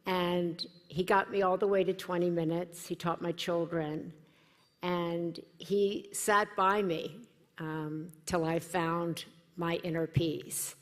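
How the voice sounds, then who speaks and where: A woman's voice: lowish voice, slow. Earnest American woman speaking in a hall. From United States. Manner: warm, earnest, animated when quoting others. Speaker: event speaker. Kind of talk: personal speech at a dinner event. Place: large hall at a dinner event. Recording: hall reverb in a large room.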